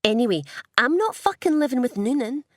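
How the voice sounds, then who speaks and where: A woman's voice: high voice, sing-song, brisk, no room sound, studio quality. A woman voicing a blunt, defiant teenage girl.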